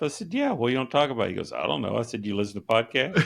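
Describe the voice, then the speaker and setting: A middle-aged podcast co-host with a medium-pitched voice talks fast, swinging hugely in pitch and dropping into vocal fry over background noise. His casual chat wanders through long stories heavy with "uh" and "you know."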